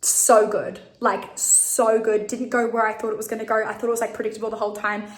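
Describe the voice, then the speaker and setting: Her voice is a little high with little pitch movement, a little fast and free of echo, as a young Australian woman walks home at night filming a casual travel vlog on her phone. She's chatty and bubbly, though a bit stuffy from a runny nose.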